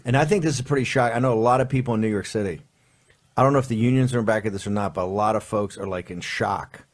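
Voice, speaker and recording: Male talk host, low voice, rambling chat style. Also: fast. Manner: rambling, restarts mid-thought. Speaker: show host. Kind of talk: casual on-air chat.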